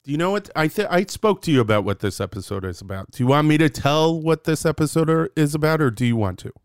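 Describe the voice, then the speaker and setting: A young man co-hosts a casual podcast, playful and rambling, restarting his sentences as he goes. His voice is smooth and clear, recorded close and dry with no room sound. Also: a little high, animated, fast, dry recording. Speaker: podcast co-host.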